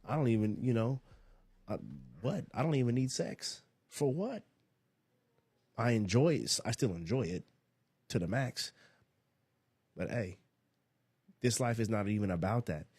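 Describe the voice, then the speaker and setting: A man with a fairly low voice talks through a loose motivational monologue on his podcast. He rambles in a laid-back way, circling back and restarting his phrases as he thinks. Faint music plays underneath. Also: darkish tone, breathy edge, dry recording. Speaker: podcast host.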